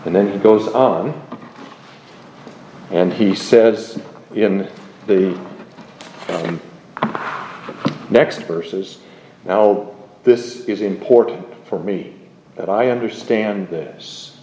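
A man preaching a sermon in a slow, measured, emphatic way, explaining a psalm verse by verse. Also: lowish voice, warm tone, a little hiss or hum. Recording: muffled, roomy recording.

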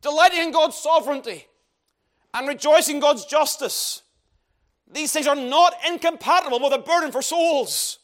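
A man's voice: very high voice, normal speed, fairly bright tone. A man preaching an expository sermon, emphatic and asking rhetorical questions.

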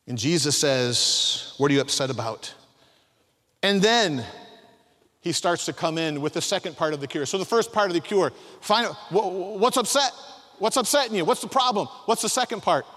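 A man preaching a sermon, emphatic, swinging from soft asides to loud acted-out quotes. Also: high-pitched, animated, a little fast. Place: large hall. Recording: long hall reverb.

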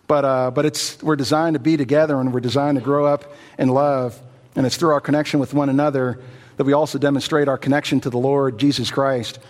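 A male pastor delivers a sermon in a relaxed, folksy storytelling manner, scattering fillers through his sentences. His voice sits somewhat high for a man, and it rings with the long reverb of a church sanctuary. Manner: folksy storytelling with many "you know" fillers.

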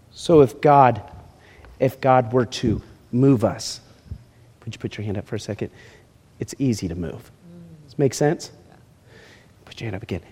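A man preaching a sermon as pastor, animated, acting out little scenes and speaking straight to his congregation. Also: medium pitch, slightly rough. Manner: animated, acts out quotes, addresses congregation directly. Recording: reverberant hall.

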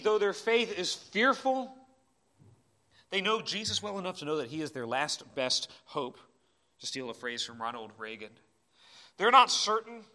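A man preaching a sermon in a church, impassioned, swinging between urgent cries and quiet asides. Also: a little high. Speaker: pastor.

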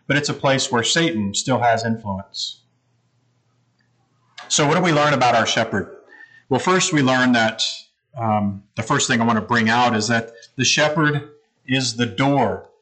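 A man's voice: medium pitch, fairly bright tone, rough recording. A man preaching a sermon, explaining scripture in a conversational, teaching manner. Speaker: pastor.

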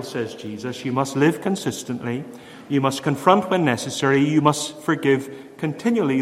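A man preaching a sermon in an earnest way. He lifts his voice for emphasis and then drops to a hushed voice to tell a story. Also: mid-range voice, a little hiss or hum. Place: church. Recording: echoey church hall.

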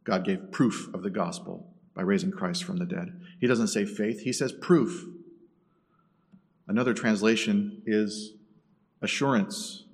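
A man preaching a sermon, dropping to a hush and rising to loud bursts. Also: lowish voice, fairly even intonation, unhurried. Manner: dramatic swings between hushed and loud. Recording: echoey hall from a distance.

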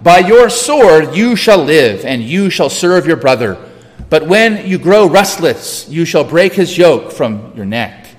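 A man's voice: fairly high pitch, big pitch swings, slow, long reverb tail. A man reading as a solemn aged father. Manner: raised, declaiming pronouncements.

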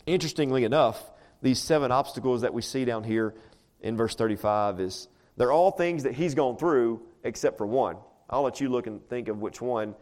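A man's voice: mid-range voice, moderate pace, darkish tone. Conversational male preacher asking questions. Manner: conversational, asks the congregation rhetorical questions. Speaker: pastor. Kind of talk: sermon. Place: church before a congregation.

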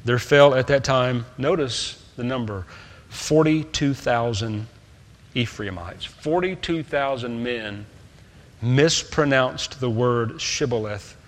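Texan preacher in an echoing hall. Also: male voice, mid-range voice, slow pace. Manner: emphatic preaching that swings between loud stresses and quiet asides. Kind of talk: sermon.

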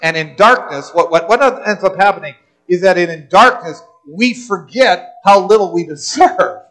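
A man's voice: high voice, normal speed, fairly bright tone, low-quality recording. A male pastor preaching a sermon in an earnest way, often repeating words as he restarts a phrase.

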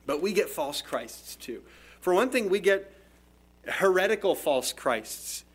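A man's voice: high voice, big pitch swings, a little slow, slightly rough. A man preaching an expository sermon in a conversational, explanatory way, often restarting phrases. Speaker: pastor.

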